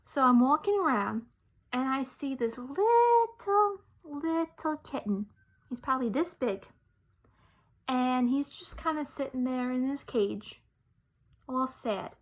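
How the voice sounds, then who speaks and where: A woman teacher telling a story to young children, in an expressive voice that explains things simply. She speaks slowly and her voice sits fairly high. She addresses the listeners directly.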